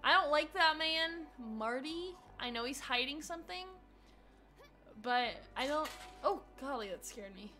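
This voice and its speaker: High, lively, giggly woman streamer. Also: measured pace, soft background music. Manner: giggly, chatty, reacts aloud to characters. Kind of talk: casual gameplay commentary.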